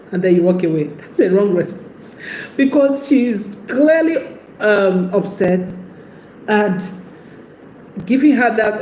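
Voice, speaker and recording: A woman's voice: mid-range voice, darkish tone. A woman giving casual relationship advice, chatty and laughing often as she acts out what a partner might say. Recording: echoey room with faint background noise.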